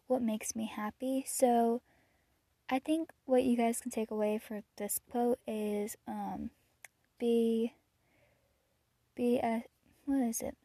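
A teenage girl rambles casually through her week, a little out of breath, with fillers and small laughs. Her voice sits fairly high but sounds mellow and slightly husky. The recording is dry and close. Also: no room sound. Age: teens. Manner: rambling, chatty, with frequent fillers and soft laughs. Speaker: podcast host. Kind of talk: casual personal chat.

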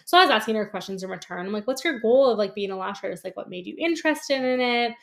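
Woman podcaster rambling through a story, lots of "like", laughs a bunch, swears casually, mid-pitched voice. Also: lively intonation, quick pace, vocal fry. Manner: chatty, laughs often, peppers speech with "like" and swearing. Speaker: podcast host and lash artist.

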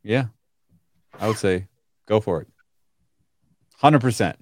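A man's voice: takes it slowly, darkish tone, no echo. A man co-hosting a podcast who laughs easily and reads audience questions aloud in a casual way. The sound is dry and close. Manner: laughs easily, can switch into a pushy salesman pitch. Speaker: podcast co-host. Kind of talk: casual chat.

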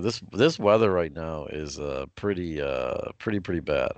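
A man's voice: extremely low pitch, expressive, normal speed, no room sound, muffled recording. A young man, co-hosting a casual sports podcast and telling a story with lots of fillers and restarts. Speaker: podcast co-host.

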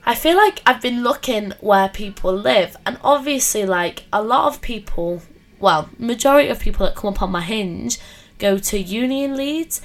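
A young woman, telling dating stories in a chatty, animated way with lots of fillers. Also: a little high, normal speed. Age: 20s. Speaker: podcast host. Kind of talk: casual storytelling chat.

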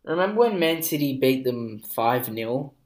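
A young co-host in casual chat, chiming in with quick agreement and short anecdotes. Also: mid-range voice, big pitch swings, a little mellow.

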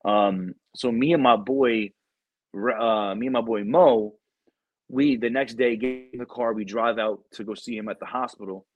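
A man's voice: medium pitch, normal speed, no echo, highs cut off. Podcast host, young man, slangy and profane, close dry sound. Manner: slangy, profane storytelling with many fillers. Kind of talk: casual chat.

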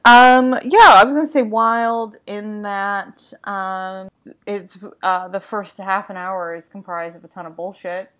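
A woman's voice: medium pitch, fairly even intonation, a little slow, a bit bright. A woman co-hosting a podcast in casual chat, with a congested morning voice, rambling and filler-heavy. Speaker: podcast co-host. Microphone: computer mic on a video call.

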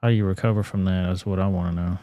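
Man, live-stream host, casual and profane, low and flat, dry close sound. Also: quick pace, no room sound. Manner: casual and profane, loose with fillers.

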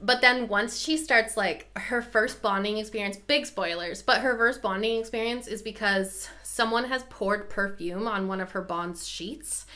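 Bright-voiced woman chatting eagerly. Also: mid-range voice, measured pace, few pauses. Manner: enthusiastic, lots of "like" and restarts. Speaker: podcast co-host. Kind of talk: casual chat.

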